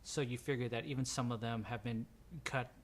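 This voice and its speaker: A man's voice: medium pitch, steady tone, fairly quick, a little hiss or hum. A man narrating a tabletop role-playing game as game master, rambling and filling his descriptions with ums and restarts.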